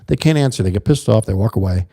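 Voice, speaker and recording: Earnest low-voiced man livestreaming. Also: animated, fast, warm tone. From USA. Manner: earnest, rambling, talks to chat viewers. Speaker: livestream host. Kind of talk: casual livestream monologue.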